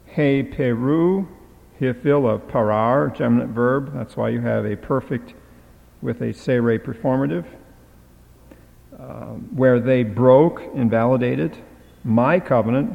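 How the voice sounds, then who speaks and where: A man with a gravelly, creaky voice gives a lecture on Hebrew grammar. He talks haltingly, with many filler sounds. The recording is dull and lo-fi, and a long reverb trails his words. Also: mid-range voice.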